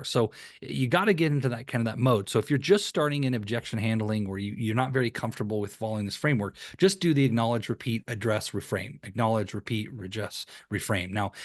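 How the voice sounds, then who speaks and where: A man's voice: medium pitch, no room sound, studio quality. A man coaching on sales calls in a loose, conversational way, often restarting words and acting out sample lines. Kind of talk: conversational teaching with screen share.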